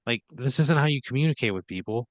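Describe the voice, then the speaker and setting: A man's voice: mid-range voice, animated, fast, dry recording. A man on a comedy podcast, reacting in an exasperated, swearing casual chat on a close mic. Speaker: podcast co-host.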